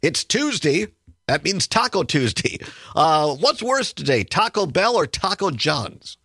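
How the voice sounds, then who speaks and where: Opinionated radio host guy, kinda high voice, bone dry studio mic, sarcastic and chatty. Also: very animated, a little slow, bright, forceful tone, breathy edge, no echo. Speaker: radio talk show host. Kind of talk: political talk radio monologue. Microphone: studio microphone.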